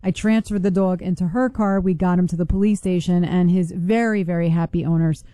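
Fast-talking woman telling a story. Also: lowish voice, dry recording. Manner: quick, chatty, animated. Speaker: caller. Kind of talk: casual storytelling.

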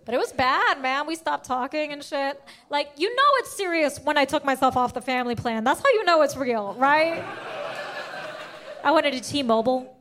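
A woman doing a stand-up comedy set, telling personal stories with animated delivery and loud bursts when she acts out scenes. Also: high-pitched, moderate pace.

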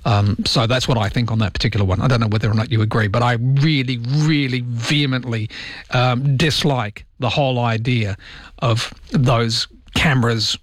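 Hosting overnight talkback radio from a studio, a man with a Welsh accent and a slight lisp reads listener texts and shares his opinions in a chatty, opinionated way, with frequent ums. His medium-pitched voice keeps fairly even intonation at a normal speed, and the studio-quality recording is dry.

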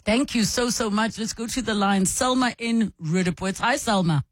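Woman, radio call-in host, chatty and animated, dry studio sound. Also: medium pitch, normal speed, no room sound. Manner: reads listener messages aloud, chatty and animated.

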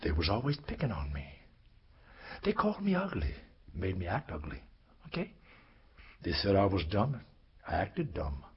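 A man performing a story for an audience, talking in a lively sing-song way and acting out the voices. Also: deep voice, normal speed, pauses often, breathy edge. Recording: dull lo-fi recording.

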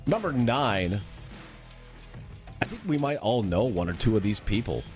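A man's voice: fairly low pitch, big pitch swings, a little slow, a little mellow, faint music behind. A man hosting a radio morning show, wisecracking playfully while running through the day's items. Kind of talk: casual chat and news rundown. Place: radio studio.

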